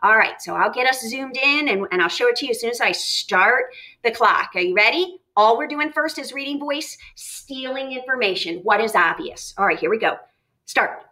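An animated woman teacher walks students through a reading lesson, thinking aloud and firing off questions to herself. Her voice sits a little higher than most. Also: normal speed, rough recording. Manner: lively, emphatic, thinks aloud with self-questions.

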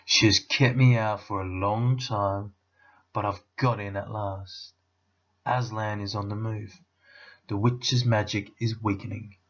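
A man voicing a huge, solemn old Father Christmas in a storybook reading, slow and grave. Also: fairly low pitch, fairly even intonation, a bit bright, highs cut off.

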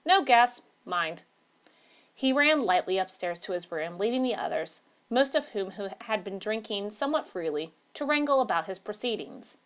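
Female narrator, steady read of a classic tale. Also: medium pitch, normal speed, few pauses. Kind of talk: reading aloud a classic story.

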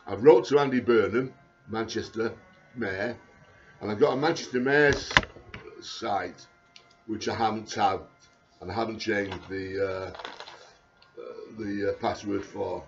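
A man, talking in a rambling video diary, halting and repetitive with many restarts, sounding anxious and panicky. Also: on the low side, muffled recording, a little hiss or hum.

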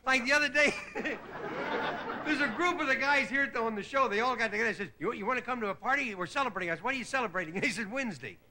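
A man hosting a TV variety show, delivering a stand-up monologue. He chuckles at his own jokes and slips into quick voices for the people in them. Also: extremely high pitch. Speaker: comedian host. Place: TV studio stage before a live audience. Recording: loud hiss on a 1960s TV broadcast.

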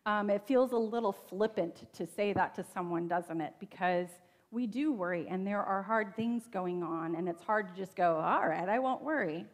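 A woman's voice: medium pitch, moderate pace, hardly any pauses. A woman pastor preaches in a conversational, earnest tone, turning to her listeners with little asides. Her voice sits in a middle register. Long reverb from the church room trails behind her words. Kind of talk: sermon. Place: church sanctuary.

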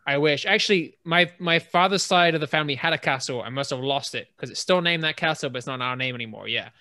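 A man's voice: a little high, quick pace, bright, forceful tone. A British man co-hosting a podcast, telling stories in a rambling, chatty way with many restarts. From England. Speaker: podcast co-host. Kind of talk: casual chat.

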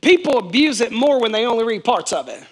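A man's voice: very high-pitched, lively intonation, brisk. A male pastor preaching a sermon with emphatic repetition, calling on the congregation to answer back. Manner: emphatic, repeats key phrases, calls on the congregation to respond.

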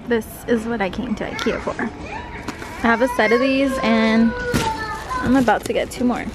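A woman's voice: on the high side, normal speed. A young woman vlogging in a furniture store, talking to the camera in a chatty and playful way. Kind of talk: casual vlog chat.

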